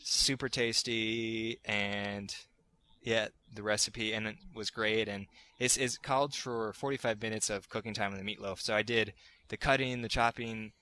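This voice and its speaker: Bright-voiced man hosting a casual podcast. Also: lowish voice, steady tone, normal speed. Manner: rambling, restarts sentences often. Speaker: podcast host.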